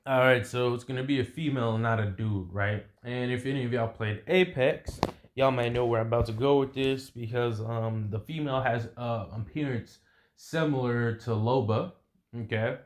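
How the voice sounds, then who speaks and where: A man's voice: medium pitch, normal speed, echoey room. A young man casually improvising a story, rambling and making vocal sound effects.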